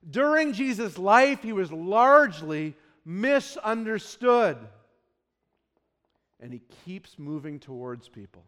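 A man in his thirties preaching a sermon to his congregation, moving between soft, pleading passages and loud exclamations, and acting out quotes with put-on voices. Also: sits high, very animated, takes it slowly, long reverb tail. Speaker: pastor.

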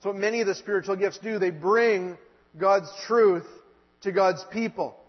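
A male preacher giving an earnest sermon, slowing down and pressing hard when he quotes scripture. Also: high-pitched. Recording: dull lo-fi sound in a reverberant hall.

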